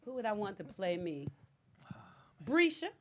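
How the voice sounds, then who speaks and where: A woman chatting on a podcast, expressive and eager as she recommends things. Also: medium pitch, measured pace, over a noisy crowd. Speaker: podcast co-host. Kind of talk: casual group chat.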